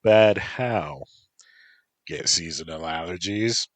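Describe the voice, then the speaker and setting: A man's voice: deep voice, takes it slowly, no room sound. A man voicing a wary young man hired as a driver, speaking plainly and full of questions.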